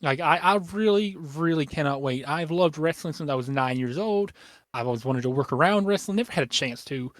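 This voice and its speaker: A young man hosting a casual podcast, rambling excitedly with lots of fillers and restarts, his voice a little worn. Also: fairly high pitch, brisk, dry recording. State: losing his voice. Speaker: podcast host.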